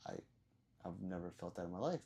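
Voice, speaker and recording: Lively-pitched male livestream host. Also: fast talker, gravelly, breathy edge. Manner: laughs often, swears casually, reads viewer comments aloud. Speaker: livestream host reading chat. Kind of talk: casual live-stream chat.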